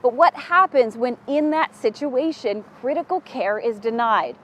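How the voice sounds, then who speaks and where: A woman reporter delivering a news segment with clear, formal reporting. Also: fairly high pitch, lively intonation, unhurried, fairly bright tone, a little hiss or hum.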